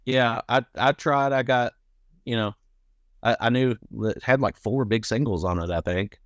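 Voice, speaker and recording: Male podcast host, smooth resonant tone, dry close sound, easygoing. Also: medium pitch, normal speed, dry recording. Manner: relaxed, laughs often, many fillers. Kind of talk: casual chat.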